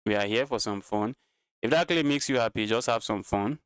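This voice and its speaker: Man streaming live chess, smooth dry voice. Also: lowish voice, a little fast, dry recording. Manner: repeats himself, talks to chat. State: tired.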